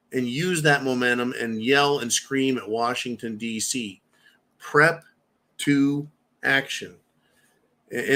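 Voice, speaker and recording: A man in his fifties runs a prepper channel and speaks directly to viewers in a sharp, mid-range voice. His opinionated monologue is blunt and fired up, with plenty of swearing.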